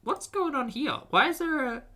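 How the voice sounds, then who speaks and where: Sarcastic, bright-voiced reaction host. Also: high voice, animated, normal speed. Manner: wry, sarcastic asides, exasperated outbursts. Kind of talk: commentary over clips.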